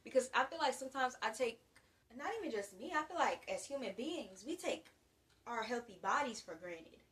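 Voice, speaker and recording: Young woman vlogging, slightly high voice, slangy and animated, loud then quiet. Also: normal speed, far from the mic. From United States. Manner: animated, slangy and chatty, with big swings in loudness. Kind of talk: casual to-camera monologue.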